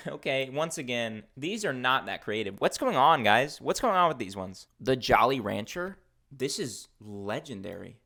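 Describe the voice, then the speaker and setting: A man hosting a casual video, talking in an excitable, jokey way with frequent laughs and rambling asides. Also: mid-range voice, normal speed. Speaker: video host ranking food mascots. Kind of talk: casual commentary.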